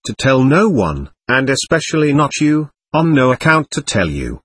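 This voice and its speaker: A man reading the part of a desperate young prisoner who pleads with his brother, in a husky, lively voice. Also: medium pitch, normal speed. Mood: pleading. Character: anguished young man awaiting trial, impassioned. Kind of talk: audiobook reading.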